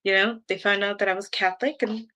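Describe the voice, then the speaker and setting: Bright-voiced chatty young woman. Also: mid-range voice, fairly even intonation, quick pace, muffled recording, slight background noise. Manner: chatty, rambling, heavy use of "like" and "um". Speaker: YouTuber. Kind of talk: casual storytelling to viewers.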